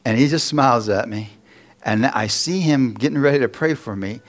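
A man's voice: mid-range voice, normal speed. Guy preaching in church, telling his story, acts out what people said, cracks jokes. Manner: storytelling with acted-out quotes and self-deprecating jokes. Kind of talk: sermon testimony.

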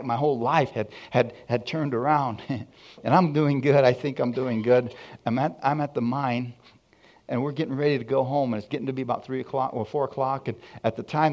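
A man preaching a sermon, telling a personal testimony in a lively storytelling way and acting out the dialogue. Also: mid-range voice, gravelly. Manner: storytelling, animated, acts out dialogue.

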